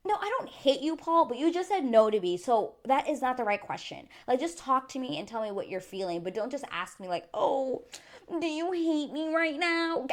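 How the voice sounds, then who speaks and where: A woman giving a chatty, animated recap to her channel viewers, acting out quotes as she goes. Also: on the high side, brisk, hardly any pauses. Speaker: YouTube reviewer. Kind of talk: casual recap monologue.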